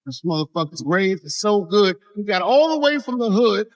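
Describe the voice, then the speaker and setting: A man doing a stand-up comedy set, telling profane stories with big swings in pitch and volume. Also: very animated, normal speed, no room sound, low-quality recording. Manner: profane storytelling with wide swings in pitch and loudness. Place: comedy stage.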